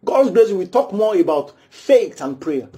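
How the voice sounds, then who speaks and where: A man preaching a sermon, animated and acting out little scenes as he makes his point. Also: high voice, measured pace. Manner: animated, acts out small scenes, repeats phrases.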